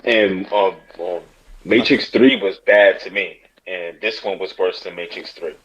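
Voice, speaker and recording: A man's voice: low-pitched, unhurried, a bit bright. A man co-hosting a sports podcast, chatting casually in a laid-back way with short remarks. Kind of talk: casual chat. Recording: dull lo-fi mic.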